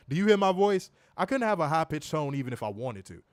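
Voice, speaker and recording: A man co-hosting a wrestling review stream, answering viewer comments in casual, animated chat. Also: a little high, a little fast, no echo, clean studio sound. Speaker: wrestling show co-host.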